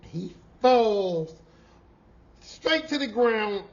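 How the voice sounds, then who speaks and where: A man hosting a podcast, telling a profane work story in casual style and acting out the quotes. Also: very slow. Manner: animated, profane, acts out quotes with big pitch jumps. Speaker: podcast host. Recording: slightly dull audio with faint noise.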